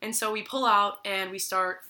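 A woman's voice: medium pitch, moderate pace, slight background noise. A young woman telling a long story in casual chat, acting out what people said and using "like" a lot. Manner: lively storyteller, acts out quotes with many "like"s.

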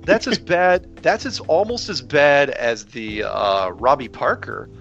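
A man's voice: medium pitch, gravelly, a bit bright. Heated man ranting, lo-fi sound. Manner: heated, rapid, many restarts and rhetorical "right?". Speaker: podcast guest with his own channel. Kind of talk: casual conversational rant. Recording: dull lo-fi sound with faint music.

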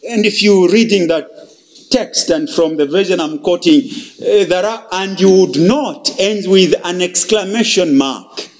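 High-voiced preacher, slow and dramatic. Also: male voice. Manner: dramatic, emphatic, swings between loud and hushed. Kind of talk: sermon.

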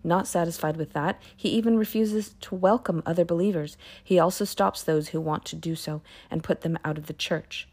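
A woman with a low, mellow voice reads scripture aloud in a relaxed, chatty way. Between passages she muses aloud and slips into quiet whispered asides. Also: moderate pace, hardly any pauses, breathy edge. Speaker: Bible reading podcaster. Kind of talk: casual Bible reading and commentary.

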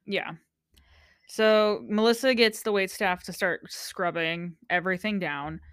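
A woman's voice: medium pitch, unhurried, clean tone, no room sound, clean studio sound. Laughing young woman recapping a show. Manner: animated storyteller, acts out quotes, laughs often. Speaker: podcast co-host. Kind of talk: casual chat recapping a TV show.

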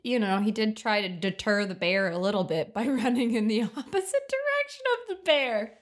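Woman podcast co-host, high bright voice, playful, laughs a lot. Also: very animated, normal speed. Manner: joking, laughs often, playful impressions. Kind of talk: casual recap chat.

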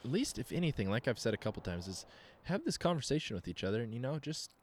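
A man's voice: medium pitch, very animated, quick pace, a little hiss or hum. A man co-hosting a casual podcast, laid-back, often trailing off mid-sentence and chiming in with agreement. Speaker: podcast co-host.

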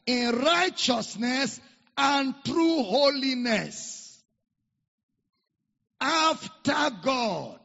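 A man's voice: very high-pitched, animated, drawn-out words, gravelly, pauses often, bright, forceful tone, slightly rough. A man with a Nigerian accent preaching a sermon, leading the congregation in call-and-response repetition. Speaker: pastor. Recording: echoey hall, dull lo-fi sound.

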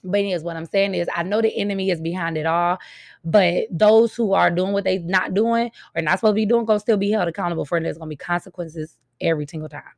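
A middle-aged woman speaks to her viewers in a casual, emphatic monologue, driving her points home by saying them twice. Her voice sits low with a gravelly edge. The recording is dry and close, with little room sound. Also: fast talker, dry recording. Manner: frank, emphatic, repeats points for stress. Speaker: mother and vlogger.

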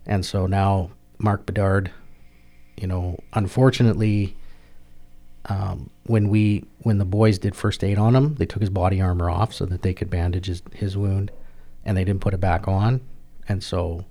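A middle-aged man tells his story as an interview guest, halting and plain-spoken, often circling back and repeating his words. His voice sits very deep and gravelly and stays flat in tone. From Canada. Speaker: guest, military veteran. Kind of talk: personal storytelling in a podcast interview.

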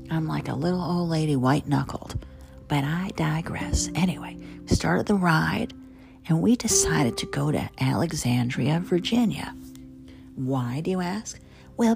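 A woman in her fifties from New Jersey with a Southern accent, a chef hosting a show, telling rambling, wry stories and digressing often. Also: low-pitched. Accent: Southern American over New Jersey. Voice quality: gravelly. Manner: chatty, digressive, animated, wry. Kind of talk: rambling storytelling monologue. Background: music.

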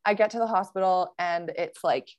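A woman guest on a podcast, telling a personal story in a casual, animated way with many fillers and quick laughs. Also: on the low side, dry recording.

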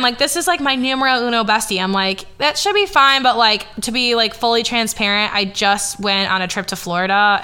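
A woman in her twenties hosting a podcast, telling a story in casual chat, animated and swearing as she acts out quoted dialogue. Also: medium pitch, clear, resonant tone. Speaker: podcast host.

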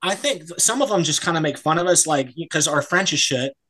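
A man's voice: a little high, animated, a little fast, pushed and bright, low-quality recording. A young American man, a serving legionnaire, talking casually and bluntly with lots of fillers and swearing. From United States. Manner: blunt, profane, rambling with many fillers. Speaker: serving Foreign Legionnaire, guest. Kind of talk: casual podcast interview.

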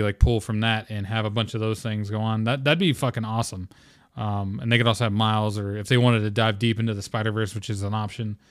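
A man's voice: fairly low pitch, no echo, studio quality. A man hosting a casual solo podcast, rambling with lots of "um" and "like" and swearing freely. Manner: rambling, profane, filler-heavy. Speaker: podcast host.

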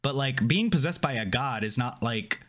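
A man co-hosting a podcast, recapping and discussing a TV episode in relaxed, rambling chat full of fillers. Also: mid-range voice, moderate pace. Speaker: podcast co-host. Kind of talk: casual chat breaking down a TV episode.

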